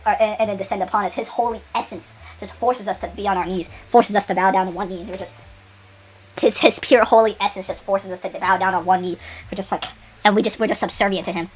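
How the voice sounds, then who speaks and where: A woman telling an improvised story in an excitable, rambling way, stumbling and repeating herself. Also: mid-range voice, fast talker, faint music behind.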